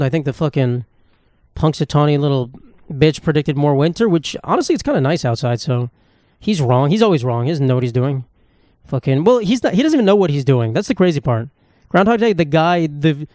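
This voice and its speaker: Young male podcast host, rapid rambling monologue, crude and self-deprecating, dry close sound. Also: a little high, darkish tone, no echo. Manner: rambling, profane, self-mocking. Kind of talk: casual solo podcast monologue. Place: home room with knickknacks.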